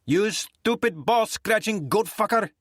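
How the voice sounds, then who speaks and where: A man voicing an angry, foul-mouthed female prosecutor with a rasping voice on a phone call in an audiobook. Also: on the high side, big pitch swings, normal speed, no room sound, studio quality, voice pushed up, exaggerated voice. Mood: furious. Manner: swearing, scornful, raucous. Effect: heard over a phone line. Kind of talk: audiobook character voice.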